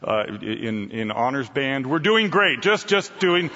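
A man's voice: medium pitch, sing-song, measured pace, sharp tone, big-room sound, dull audio, slight background noise. A man voicing a stiff, overly chipper churchgoer who insists everything is fine. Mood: fake-cheerful.

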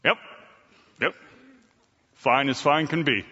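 A forced-cheerful churchgoer man, put on by a preacher, stiff and overly chipper as he insists all is fine. The voice is bright and a bit high. It echoes in a large hall. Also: slow pace, slightly rough, lo-fi sound, exaggerated voice. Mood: fake-cheerful.

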